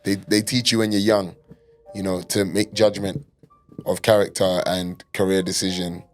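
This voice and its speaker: Man, young adult, podcast host, deep-ish voice, slangy, swears casually. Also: little pitch movement, normal speed, soft background music. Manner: loose and joking, heavy slang and swearing.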